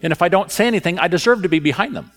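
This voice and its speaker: A man preaching a sermon in a conversational, animated storytelling manner. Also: high-pitched, racing.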